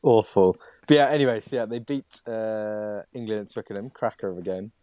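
कम आवाज़ वाला बातूनी पुरुष होस्ट, खेल पॉडकास्ट पर क्विज़ पूछता है, रिकॉर्डिंग सूखी और नज़दीक।. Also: male voice, on the low side, steady tone, fairly quick, dark tone, no room sound. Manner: chatty, laughs often, many fillers. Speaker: podcast host and quizmaster. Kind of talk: casual sports chat.

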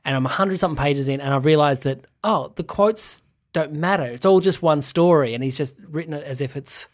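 A man's voice: fairly high pitch, brisk. Rambling, upbeat man. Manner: rambling, enthusiastic storyteller. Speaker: comedian guest. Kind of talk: casual chat.

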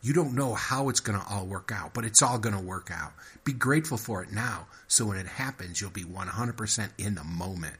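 A man voicing a pushy woman who coaches in positive-thinking slogans, pitching his voice up and louder. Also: fairly quick, few pauses, breathy edge. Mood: coaching, insistent. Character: pushy upbeat woman full of self-help talk.

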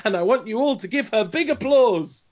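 A man doing an impression of an older male football manager giving a rambling awards-night speech, loud and drawn out. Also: extremely high pitch, expressive, moderate pace, voice pushed up. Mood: grand.

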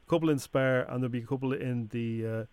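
An Irish man on a radio show, chatting fast and playing a fussy casting agent in a prank call. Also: mid-range voice, darkish tone, clean tone, dry recording.

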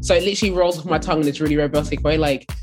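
A young woman from England with an Essex accent, a DJ and radio host telling stories in a casual, animated way, full of fillers. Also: low voice, racing, music in the background. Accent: Essex English. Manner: animated, chatty, many fillers like "like". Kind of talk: casual storytelling interview.

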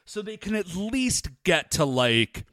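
Man, podcast co-host, casual recap chat, lively swinging pitch, dry close mic. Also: takes it slowly, dry recording. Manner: animated, chatty, lots of fillers.

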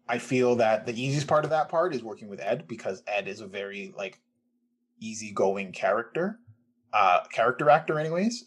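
A male voice actor answering questions on a video call, earnest and halting with many restarts. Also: fairly low pitch, a bit bright, husky. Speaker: voice actor on the podcast. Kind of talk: casual cast Q&A on a video call. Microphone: video call mic.

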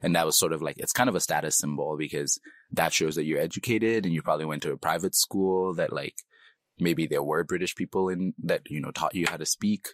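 A man's voice: a bass voice, steady tone, a little fast, dry recording. A young man from Nigeria with a slight Nigerian accent, answering interview questions in a reflective, hedging way and laughing easily. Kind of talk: casual interview.

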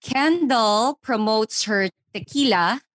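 Wry woman, slightly high voice. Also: takes it slowly, fairly bright tone, no echo. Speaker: podcast co-host. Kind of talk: casual celebrity gossip chat.

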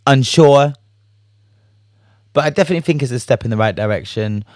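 A man in the middle of his voice range talks casually on his own show, lively and loose, swearing and laughing as he acts out reactions. His voice sits close and dry, with no room sound around it. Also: mid-range voice, fairly quick, dry recording. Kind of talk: casual solo chat.

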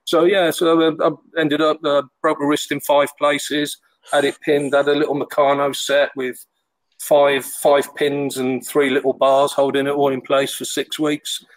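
A man's voice: fairly high pitch, little pitch movement, measured pace, no room sound, rough recording. Rambling middle-aged man telling stories. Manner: rambling, full of fillers and restarts. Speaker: former goalkeeper, guest. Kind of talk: casual storytelling.

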